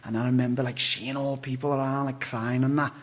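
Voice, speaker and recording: Husky young Englishman telling a rough story. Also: medium pitch, little pitch movement, fairly quick. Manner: rambling, blunt, swears freely, frequent restarts. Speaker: podcast guest. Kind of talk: casual storytelling.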